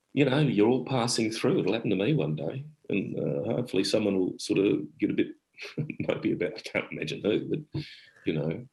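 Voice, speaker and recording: A man's voice: sits low, vocal fry, low-quality recording. A middle-aged Australian man telling stories in a rambling, casual way, often breaking off mid-sentence. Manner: rambling, warm-hearted, broken-off sentences. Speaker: guest actor and storyteller. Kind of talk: casual conversational storytelling.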